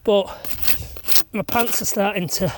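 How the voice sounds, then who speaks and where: A man's voice: high voice, fairly even intonation, measured pace. A man, rambling and self-deprecating as he chats to camera while laying blocks on an outdoor building site. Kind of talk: casual vlog chat while working. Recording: noisy outdoor recording.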